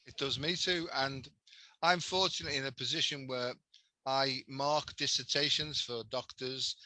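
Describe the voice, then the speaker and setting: Older Scouse man, bright and chatty. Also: medium pitch, steady tone, moderate pace, dry recording. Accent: Liverpool. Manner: chatty, storytelling, acts out quoted voices. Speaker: podcast host. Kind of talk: casual conversation.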